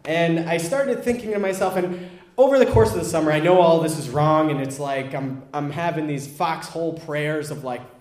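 A man's voice: on the high side, moderate pace, darkish tone, echoey room. A young man candidly telling a self-deprecating personal story, acting out what people said.

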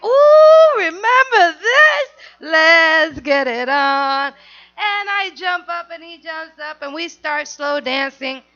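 A woman telling a candid personal story in an animated, confessional way, on a dull lo-fi recording. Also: high-pitched.

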